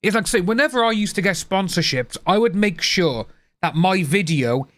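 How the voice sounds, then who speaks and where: A man's voice: high voice, expressive, moderate pace, fairly bright tone. Blunt man ranting on a livestream. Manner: ranting, blunt, swears freely. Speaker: livestream host. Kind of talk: casual livestream chat.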